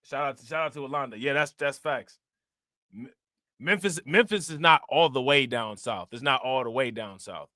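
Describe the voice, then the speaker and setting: A man hosting casual reaction commentary on crime news, animated and slangy, laughing often and giving shout-outs to viewers. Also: medium pitch, normal speed, dry recording, clean studio sound.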